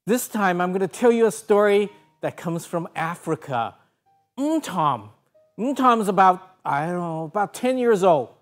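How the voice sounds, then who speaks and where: Woman storyteller, animated kids' segment, studio broadcast. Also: lowish voice, measured pace, soft background music. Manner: animated, sound effects. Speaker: children's storyteller. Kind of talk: children's story and devotional.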